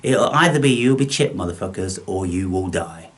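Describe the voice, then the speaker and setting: A man's voice: sits low, animated, moderate pace. Contemptuous, swearing man ranting. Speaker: channel host. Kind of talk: angry monologue to camera.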